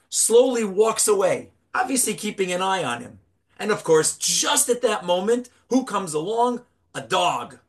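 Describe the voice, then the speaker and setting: A man giving a Torah class, telling a parable with animated storytelling and rhetorical questions. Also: high voice. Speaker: rabbi teaching Torah.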